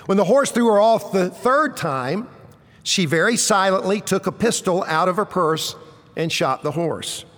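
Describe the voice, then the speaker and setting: A male pastor preaching a sermon, telling stories with dramatic pauses and dropping low and quiet for punchlines. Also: expressive. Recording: long reverb of a large hall.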